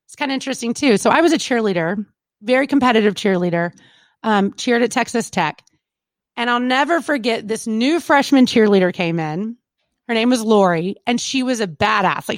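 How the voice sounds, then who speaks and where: Chatty, animated radio woman, higher voice. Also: no room sound. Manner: animated, chatty, lots of fillers and quoted asides. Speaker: radio personality and guest. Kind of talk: casual interview storytelling.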